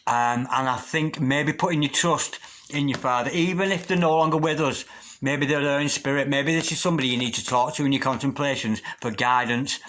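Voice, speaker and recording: A man giving a tarot reading, gentle and gushing, who drops into a low, repeated chant when he calls on the spirits. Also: brisk. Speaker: tarot reader. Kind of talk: tarot reading with spoken invocations.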